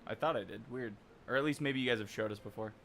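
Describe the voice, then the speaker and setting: Man, gaming stream co-host, casual and joking, mid-pitched everyday voice. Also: quick pace, a bit bright. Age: adult. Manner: chatty, joking. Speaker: game streamer.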